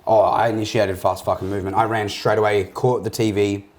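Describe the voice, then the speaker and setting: A man's voice: on the low side, little pitch movement, fairly quick, darkish tone. A young man, co-hosting a casual podcast chat over a meal, telling stories with crude jokes and lots of swearing. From Australia. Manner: crude, joking storyteller, swears a lot. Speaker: podcast co-host.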